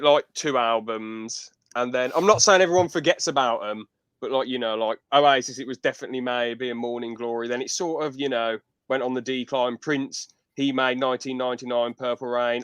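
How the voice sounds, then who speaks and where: Smooth-voiced podcast host, dry sound. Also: male voice, medium pitch, a bit bright, dry recording. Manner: rambling, stops to correct himself. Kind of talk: casual chat. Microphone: video call.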